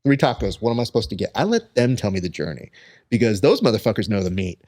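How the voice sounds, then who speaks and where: A young adult man hosting a podcast, chatting casually and telling lively stories, acting out the people he quotes. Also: lowish voice, fast. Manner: animated storyteller who acts out quoted people. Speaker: podcast host. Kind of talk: casual chat.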